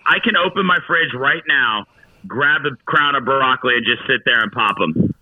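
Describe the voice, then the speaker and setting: A man's voice: mid-range voice, moderate pace, narrow, tinny audio. A man in casual chat, playful and teasing.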